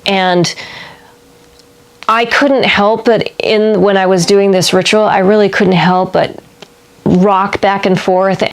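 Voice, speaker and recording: A woman's voice: mid-range voice, fairly even intonation, slow pace. A woman talking through a book she read in a casual vlog, reflective and meandering, often laughing at herself. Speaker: book reviewer.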